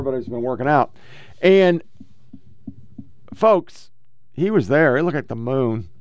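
A man's voice: mid-range voice, no room sound. A man hosting a political podcast, ranting with heavy profanity and reading posts aloud. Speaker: podcast host.

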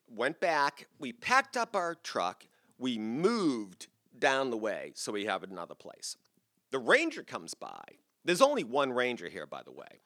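Lively, bright-voiced older man telling a story. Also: mid-range voice, moderate pace. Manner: chatty and self-deprecating, with laughs. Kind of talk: live stage storytelling. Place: theater stage before a live audience.

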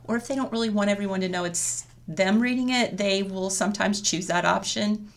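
A woman's voice: medium pitch, fairly quick. A woman elementary school teacher explaining a classroom method in a friendly, chatty way with frequent laughs. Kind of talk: casual professional chat.

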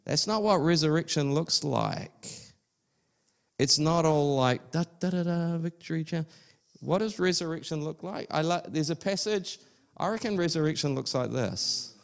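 Conversational male pastor with a gravelly voice. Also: fairly high pitch, lively intonation, moderate pace. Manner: conversational, fillers and restarts. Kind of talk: sermon. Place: church service.

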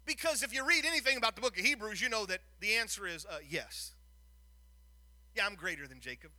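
A man preaching a sermon, retelling a Bible story with lively acted-out lines and frequent stumbles and repeated words. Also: high voice, fairly quick, no echo.

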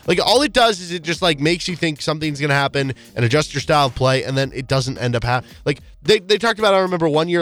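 A man co-hosting a sports talk show, casually rattling off stats and opinions in quick, animated bursts. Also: fairly high pitch. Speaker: sports radio co-host.

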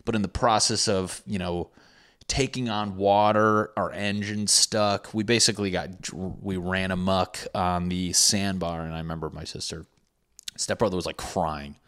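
A man's voice: low-pitched, fairly even intonation, moderate pace, a bit bright. A young man talking casually as a podcast host, profane and sarcastic, mocking people in put-on voices. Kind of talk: casual rambling monologue.

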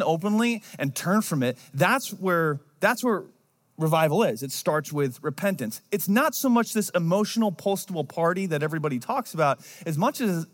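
A man in his thirties preaching to a congregation with a slightly high voice. He talks casually, tells stories and acts out the voices of people in them. His sermon moves between plain talk and bursts of emphasis. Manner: conversational, storytelling with acted-out quotes. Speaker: pastor.

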